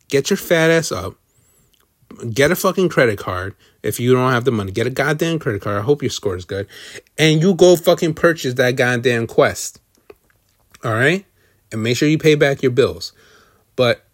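A man's voice: medium pitch, no echo, studio quality. A man hosting a solo podcast, rambling casually with lots of swearing and self-deprecating asides. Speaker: podcast host.

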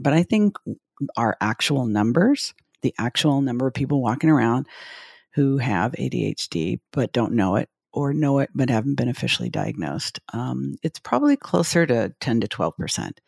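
A gravelly, husky voice belonging to a confident entrepreneur guest on a podcast. The speaker explains ideas in a self-assured, explanatory way. The recording is dry and close. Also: mid-range voice, darkish tone, dry recording. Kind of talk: conversational interview answers.

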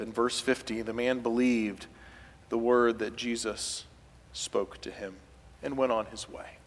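A man preaching a sermon as pastor, building to loud, impassioned passages as he voices pleading figures. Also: mid-range voice, fairly even intonation, measured pace, in a large hall. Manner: preaching with rising intensity, voicing quoted pleas loudly.

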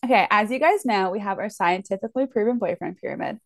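A woman's voice: mid-range voice, fast talker, gravelly, dry recording, studio quality. A woman co-hosting a book podcast in casual chat, talking in restarts with lots of "like". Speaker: podcast co-host.

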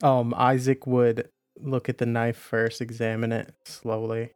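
A man playing in a tabletop game, describing his actions in a calm, deliberate way. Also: mid-range voice, clean tone, dry recording, clean studio sound. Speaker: player.

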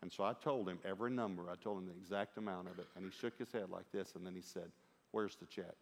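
A middle-aged man preaching a sermon, telling a lively story with quoted dialogue and humor. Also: sits low, fast, vocal fry. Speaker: pastor. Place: large church auditorium. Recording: long hall reverb.

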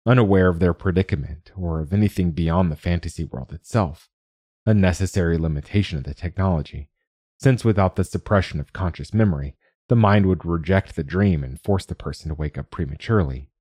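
A man narrating a science fiction short story in a calm, measured storytelling manner. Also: deep voice, breathy edge, dry recording, clean studio sound. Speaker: narrator and podcast host.

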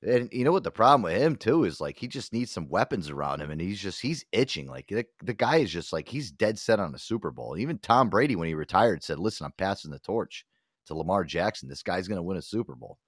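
A young man hosting a casual chat show, animated and swearing freely, often acting out other people's voices. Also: low voice, a little fast, dry recording, clean studio sound. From Connecticut. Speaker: host.

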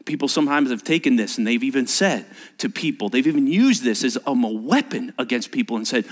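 A man preaching as pastor at a church service. His delivery is animated, swinging between emphatic points and hushed, whispered asides. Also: medium pitch, fairly quick, few pauses. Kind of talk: sermon.

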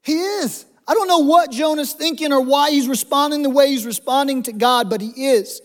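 High-pitched male pastor, chatty sermon style with jokes thrown in. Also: normal speed. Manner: humorous, conversational preaching with asides.

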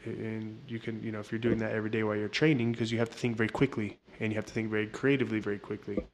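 A man's voice: lowish voice, level tone, racing, slight background noise. Rambling man talking jiu-jitsu. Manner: rambling, repetitive, restarts often. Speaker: interview guest, jiu-jitsu coach. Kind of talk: casual interview talk.

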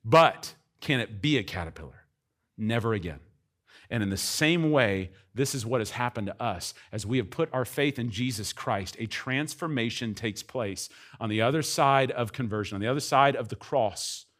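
A man preaching a sermon as pastor, emphatic, with wide swings between quiet and loud. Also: medium pitch, expressive, moderate pace.

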